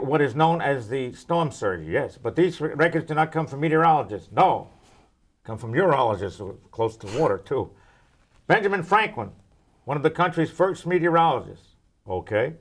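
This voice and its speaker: Brief: older male weather expert, slightly high voice, cracks jokes mid-answer, loose and rambling. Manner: wisecracking, rambling with puns. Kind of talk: joking weather Q&A.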